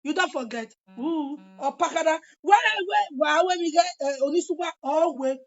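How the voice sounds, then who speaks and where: A Nigerian woman vlogger delivering a heated, taunting rant, sometimes breaking into shouts. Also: sits high, brisk, dull audio, faint music behind. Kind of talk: angry rant.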